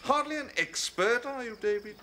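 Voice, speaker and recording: An actor playing a pompous, smug English gentleman with a plummy, affected, superior way of talking. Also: extremely high pitch, normal speed, background noise. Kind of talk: 1980s TV sitcom acting.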